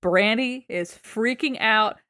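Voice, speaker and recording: A woman co-hosting a podcast, chatting casually while recapping a TV show, laughing often and reacting with quick interjections. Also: fairly high pitch, sharp tone. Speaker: podcast co-host.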